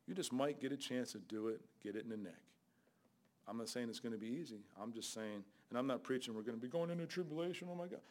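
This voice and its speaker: A man's voice: medium pitch, quick pace. A man preaching a sermon in a blunt, conversational way, with sudden outbursts.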